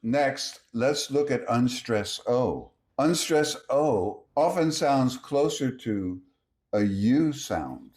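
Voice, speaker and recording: Guy teaching vocab slowly, word by word, pitch moving around a lot. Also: lively intonation, a little mellow. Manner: measured, reads example words one by one. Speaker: language teacher. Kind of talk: slow scripted language lesson.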